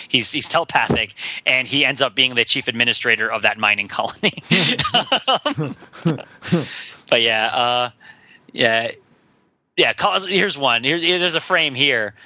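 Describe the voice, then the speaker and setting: A man co-hosting a podcast in casual chat, rambling and animated, with lots of fillers and restarts. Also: mid-range voice, normal speed, no echo. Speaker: podcast co-host.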